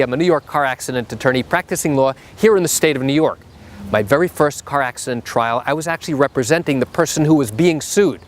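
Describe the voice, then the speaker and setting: A middle-aged man, a trial attorney, telling a story to the camera in an animated, emphatic way. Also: fairly high pitch. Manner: animated and emphatic, acts out the quotes.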